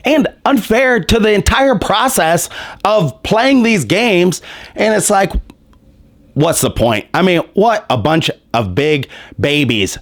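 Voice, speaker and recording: A man's voice: high-pitched, sing-song, slow, no room sound, clean studio sound. A man hosting a sports commentary show, ranting in a heated, mocking, profane way, his voice strained and worn.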